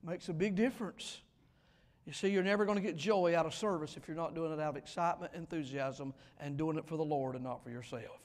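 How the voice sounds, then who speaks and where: A man preaching a revival sermon in a church, emphatic, swinging between loud declarations and quiet asides. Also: fairly high pitch, brisk. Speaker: pastor. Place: church sanctuary. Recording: long hall reverb in a church.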